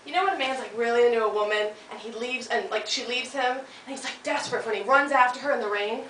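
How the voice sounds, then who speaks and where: An American woman performs a stand-up set on a comedy club stage, chatty and playful, teasing the crowd and doing silly voices. She talks fast in a fairly bright voice on the high side. Heard from a distance in the echoey club, the mic picks up audience laughter and slight background noise.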